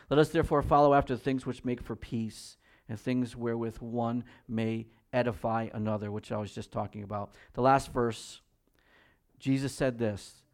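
Emphatic preaching pastor, man. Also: mid-range voice. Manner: emphatic, swings between loud pleading and hushed prayer. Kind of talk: sermon and closing prayer. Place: church.

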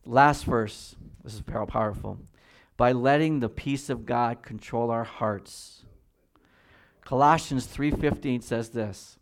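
A man preaching a sermon as pastor, reading scripture slowly and swinging between quiet, measured emphasis and loud, high-pitched exhortation. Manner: reads scripture slowly and deliberately.

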